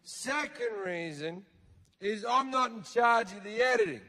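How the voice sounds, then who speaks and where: High-voiced guy doing stand-up, slow and cussing a lot, faint crowd in the theater. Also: animated, bright, forceful tone, long reverb tail. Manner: profane, sardonic storytelling. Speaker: stand-up comedian. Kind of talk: stand-up comedy set. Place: live theater stage. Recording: live show with faint crowd noise.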